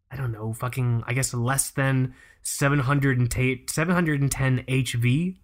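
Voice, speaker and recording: Young male podcast host; casual, profane, lively storyteller. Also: medium pitch, normal speed, hardly any pauses. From United States. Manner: profane, animated storytelling with laughs. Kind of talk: casual chat.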